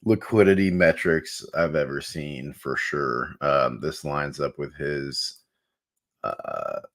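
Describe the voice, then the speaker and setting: A man's voice: very deep voice, slow. A laid-back man co-hosting a stream, walking through charts in a rambling way with many fillers. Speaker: co-host chart analyst. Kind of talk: casual chart talk.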